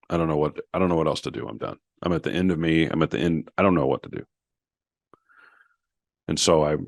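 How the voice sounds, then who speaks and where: A man's voice: very deep voice, no room sound, clean studio sound. A man as a podcast guest, earnestly retelling an emotional story with many restarts and quoted dialogue.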